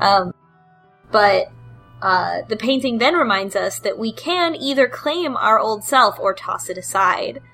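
A woman's voice: mid-range voice, lively intonation, unhurried, creaky, bright, forceful tone, soft background music, low-quality recording. A woman hosting a casual podcast chat, recapping a game in a rambling, hesitant way with cheeky asides. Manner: rambling, hesitant, with frequent ums and laughs; cheeky and irreverent.

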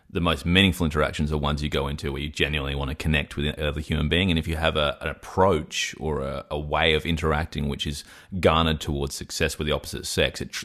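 Male podcast co-host, extremely deep voice, deliberate and unhurried storyteller. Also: fairly bright tone. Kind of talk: casual chat.

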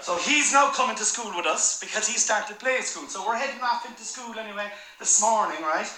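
A man's voice: sits high, a little fast. An Irish man in his thirties doing stand-up comedy, telling a story with lots of swearing. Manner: swearing, storytelling, laughing audience asides. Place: live comedy venue. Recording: roomy live room, loud background noise.

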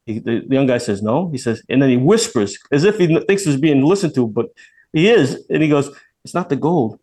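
A man's voice: medium pitch, a little fast. A man in later life, a retired federal agent, telling a long story as a guest on a radio show, acting out the voices of the people in it and often restarting his sentences. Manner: animated, acts out quoted voices, many restarts. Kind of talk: casual storytelling.

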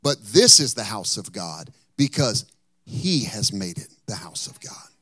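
A man preaching a sermon, telling a story and then pressing his point, at times rising to loud outbursts and at times dropping to a whisper. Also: fairly low pitch, big pitch swings, unhurried, husky, no room sound, clean studio sound. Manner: drops to a whisper for emphasis. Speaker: pastor.

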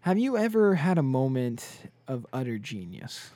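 A young man co-hosting a podcast, chatting casually and telling animated stories full of filler likes. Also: medium pitch, normal speed, no room sound. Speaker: podcast co-host. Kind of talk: casual chat.

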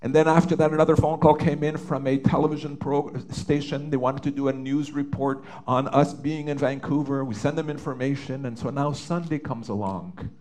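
A man's voice: medium pitch, steady tone, normal speed, few pauses, a little mellow. A middle-aged man from Canada recounting a personal family story with earnest emotion, often hesitating and restarting. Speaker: father telling his story. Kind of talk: personal testimony.

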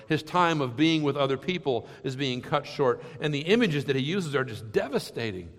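Earnest preacher in a reverberant sanctuary. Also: male voice. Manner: earnest, questioning, dropping to soft lows. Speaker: pastor. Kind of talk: sermon. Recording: long hall reverb.

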